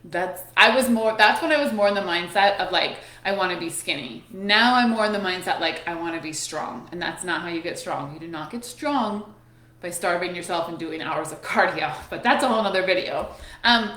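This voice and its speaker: A woman's voice: on the low side, moderate pace. Candid, swearing woman in an echoey room. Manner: candid and animated, swears freely, laughs often. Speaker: host. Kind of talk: casual motivational chat.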